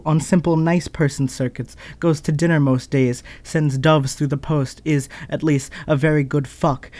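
A man with a fairly high voice reads experimental spoken-word poetry, jumping between images and cutting himself off with quick asides. The sound is close and dry, with no room around it. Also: darkish tone, no echo. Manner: fragmented, associative delivery with abrupt asides and apologies.

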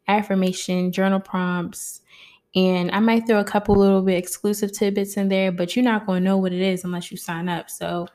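A woman's voice: medium pitch, a little mellow. A woman hosting her own podcast, talking casually and heartfelt to her listeners into a mic, often calling them y'all. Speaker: podcast host. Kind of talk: casual solo podcast talk.

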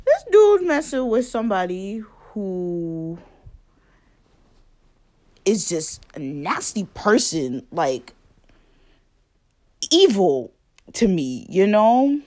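A woman's voice: lowish voice, darkish tone. Chatty young woman telling a story. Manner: chatty, lots of "like" and quoted dialogue, laughs often. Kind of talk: casual storytelling.

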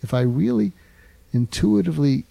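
An older man speaks as an interview guest, earnest and patient, circling back over his words with frequent "uh"s. His voice is dark and mellow with a gravelly edge. The sound is dry and close, with no room around it. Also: fairly high pitch, animated, no echo. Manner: earnest, fills pauses with "uh", restarts and repeats words. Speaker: guest psychiatrist and author. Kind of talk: interview, explaining advice.

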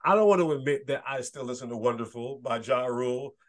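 A man's voice: medium pitch, fast. A man co-hosting a casual sports podcast, joking and teasing in a slangy way and laughing often. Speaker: podcast co-host.

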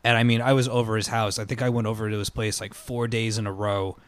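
A man chatting casually about video games, an animated storyteller who bursts into loud pirate cries. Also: lowish voice, quick pace, clean tone.

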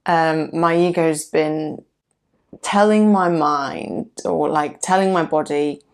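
A woman speaking in a low register with noticeable vocal fry, sharing personal experience in a relaxed solo podcast. She sounds candid and reflective. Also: slow pace. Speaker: podcast host. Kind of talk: casual solo podcast talk.

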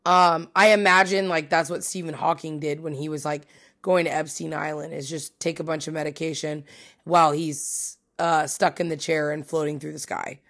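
A woman's voice: sits low, little pitch movement, moderate pace, a bit bright. A woman hosting a casual solo podcast from home, rambling and swearing as she mocks herself. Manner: rambling, profane, self-mocking. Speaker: podcast host.

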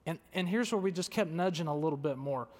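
A man's voice: on the high side, fast. A man, a pastor, telling a story in a sermon, conversational and self-deprecating, earnest in tone. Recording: long reverb of a large hall.

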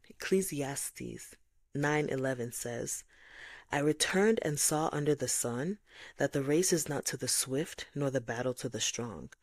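With a very deep voice, a Nigerian woman hosts a faith-based podcast, talking reflectively. She's animated and acts out the voices of God and others, captured in a dry recording.

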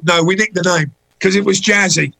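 A man's voice: sits high, fairly quick, vocal fry, low-quality recording. A middle-aged man, telling anecdotes as a guest in a casual chat. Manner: anecdotal, animated when voicing people in stories.

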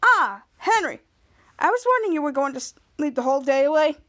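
A woman's voice: high-pitched, big pitch swings, brisk, a bit bright. A woman voicing an overbearing, goofy adult male superhero who lectures in a fussy, parental way. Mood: bossy, chipper.

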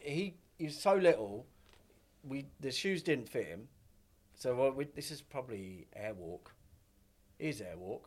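A middle-aged man chatting as a guest on a podcast, loose and rambling. He swears freely and pads his stories with constant filler words, in a voice of ordinary middle pitch for a man. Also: lively intonation, measured pace, a little mellow. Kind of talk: casual storytelling chat.

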